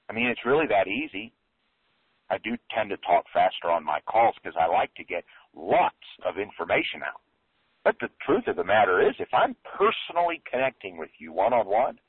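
Energetic guy lecturing on a coaching call, husky voice, dry phone-line sound. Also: moderate pace, no room sound. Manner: energetic, emphatic, swings pitch up and down for effect. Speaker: marketing coach.

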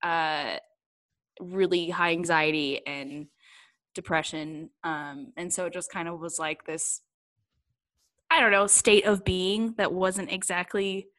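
A woman's voice: on the low side, fairly bright tone. Young adult woman, interview guest, giggly, candid, rambling, casual. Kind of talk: casual conversation.

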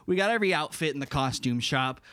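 A man's voice: fairly high pitch, expressive, fast, fairly bright tone, no room sound. Upbeat man hosting a podcast. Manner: enthusiastic, earnest, leads the segments. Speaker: podcast co-host. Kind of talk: casual chat.

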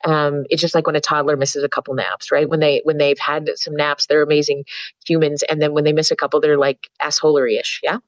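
A woman's voice: low-pitched, flat delivery, fairly quick, dry recording, muffled recording. A woman psychologist telling candid, earthy stories as a podcast guest, swearing freely. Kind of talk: storytelling in a podcast interview.

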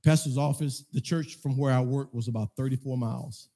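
Husky-voiced preacher man, loud emphatic bursts. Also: medium pitch, fairly even intonation, fairly quick. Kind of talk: sermon with personal storytelling. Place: church sanctuary.

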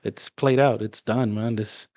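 A man's voice: on the low side, fairly even intonation, unhurried, darkish tone. A man in casual podcast chat, bluntly complaining about a video game. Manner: blunt, complaining gamer talk.

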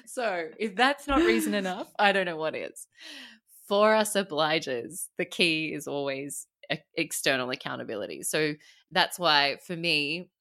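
Low-voiced Australian woman coach, laughing often. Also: lively intonation, measured pace, fairly bright tone. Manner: chatty, laughs often while explaining. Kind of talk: casual podcast chat.

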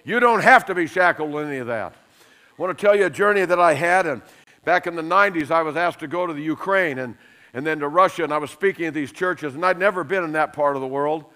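A middle-aged man preaching a sermon, lively and emphatic, telling funny stories and laughing along. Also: on the high side, fast talker. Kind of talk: sermon with humorous storytelling.

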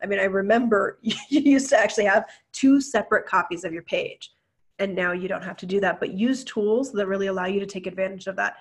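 A woman's voice: mid-range voice, fairly quick. A woman co-hosting a casual business podcast, chatty and enthusiastic, often laughing. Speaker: podcast co-host.

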